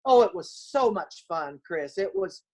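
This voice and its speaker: A little slow and fairly low-pitched, an older former basketball player from a small U.S. town recounts stories as a guest in a relaxed interview. She brings quoted voices to life and laughs frequently as she goes.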